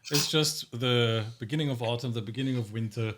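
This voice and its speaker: A man with a mid-range voice, a native German speaker, hosts a podcast. He asks his guest polite, searching questions and pauses to find his words. His throat is a little sore. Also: mid-range voice, background noise. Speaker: podcast host. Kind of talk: interview questions.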